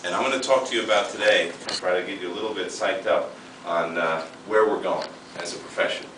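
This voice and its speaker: A man's voice: low voice, fairly quick, noisy background. A man in his thirties giving a fired-up, emphatic motivational talk as a seminar speaker. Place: seminar room. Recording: echoey room, mic far off.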